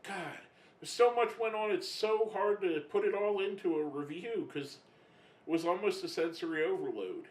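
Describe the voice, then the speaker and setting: A man giving a casual spoken review, emotional and halting, often getting choked up and restarting his sentences. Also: on the high side, echoey room, rough recording. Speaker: wrestling reviewer.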